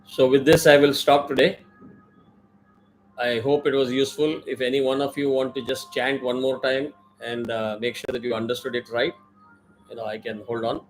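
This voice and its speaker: A man's voice: mid-range voice, level tone, normal speed, soft background music, poor audio. A man teaching a mantra in an online class, with careful pronunciation drills and many fillers. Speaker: Vedic chanting teacher.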